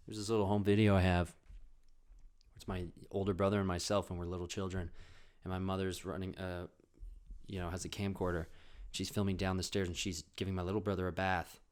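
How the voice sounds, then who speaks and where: A man hosting his podcast, telling comedic stories casually, animated, often swearing. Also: sits low, brisk, smooth. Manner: animated, swearing, acts out voices in quotes. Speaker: podcast host.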